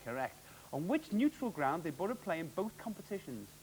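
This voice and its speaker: Male TV quizmaster, high and animated, jokey and brisk. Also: a little hiss or hum, poor audio. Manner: jokey, upbeat, quick quizmaster delivery. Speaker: quiz show host. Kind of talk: televised quiz hosting.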